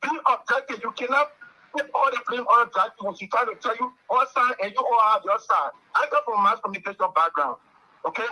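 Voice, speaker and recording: A man's voice: very high-pitched, lively intonation, fast, sharp tone, low-quality recording. A man calling in to a radio talk show, speaking in an earnest, lecturing way and often repeating words. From Liberia. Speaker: caller. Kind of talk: call-in radio commentary.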